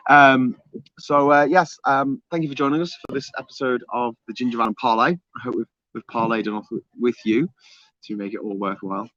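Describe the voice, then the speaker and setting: A man's voice: mid-range voice, moderate pace, a bit bright, no room sound. Man, casual livestream co-host, rambling, swears offhand, dry close sound, dull lo-fi audio. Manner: rambling storyteller, swears casually, many restarts. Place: home on an island.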